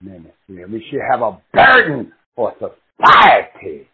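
A man preaching a sermon with passion, swinging from shouted cries to hushed murmurs and drawing out words slowly. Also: mid-range voice, wildly swooping pitch, gravelly, slightly rough. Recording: tinny phone-like recording.

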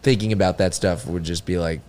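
A man's voice: sits low, fairly even intonation, a little fast, a little mellow. Rambling, joking male comedian guest. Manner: rambling, joking, swears freely. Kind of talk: casual podcast banter.

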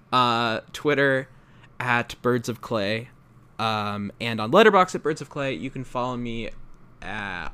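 Male podcast co-host: bright, sharp voice, irreverent jokey banter. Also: medium pitch, slight background noise. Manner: jokey and irreverent, swears casually. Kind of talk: casual film podcast chat.

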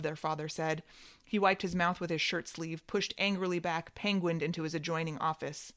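A woman narrating literary fiction in a measured, wry reading voice. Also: low-pitched, steady tone, a bit bright.

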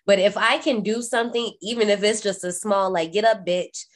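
A woman speaks briskly as co-host of a casual podcast recapping horror films. Her manner is animated and foul-mouthed, and she often jumps high to perform quotes.

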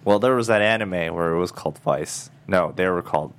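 A man's voice: low-pitched, a little fast, clean tone. A young man co-hosting a casual review podcast, rambling with plenty of fillers and some playful teasing. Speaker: podcast co-host.

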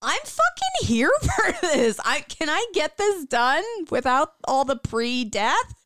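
A young adult woman hosting a podcast, telling a story in casual chat, animated, swearing freely and often breaking into laughter. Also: high voice, slow pace, no echo, studio quality.

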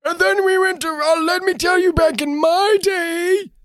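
A man voicing a rambling eighty-year-old man who reminisces in a halting way. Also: very high voice, steady tone, fairly bright tone, no echo, pitched above the performer's own voice. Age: 80s.

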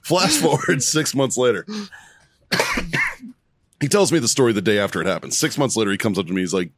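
A man's voice: mid-range voice, very animated, fairly quick, pauses often, fairly bright tone. Laughing, crude storytelling man. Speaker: podcast co-host. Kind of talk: casual chat, storytelling.

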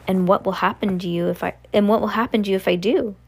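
A woman's voice: mid-range voice, steady tone, fast, a little mellow, breathy edge. A woman reading aloud and voicing a brave, curious young girl who asks earnest, insistent questions. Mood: anxious. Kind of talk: audiobook reading.

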